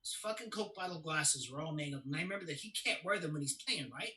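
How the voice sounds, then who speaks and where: Man playing a grieving young guy, bright voice. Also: fairly high pitch, expressive, fast talker, rough recording. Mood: anguished. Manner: confessional storytelling, swings to loud anguish. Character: grieving young man recalling his father's death. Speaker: actor in a play reading. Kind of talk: stage play reading.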